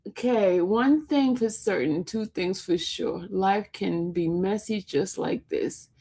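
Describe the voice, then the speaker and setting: A woman's voice: mid-range voice, takes it slowly, warm tone, slightly rough. A woman hosting a casual livestream, laughing often and teasing her chat, sometimes dropping to a whisper. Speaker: livestream host reading chat.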